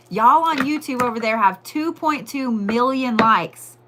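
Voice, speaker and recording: A woman's voice: a little high, lively intonation, moderate pace, background noise. A woman giving a casual, profane live crystal and zodiac reading, chatting to viewers as y'all. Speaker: livestream tarot and crystal reader.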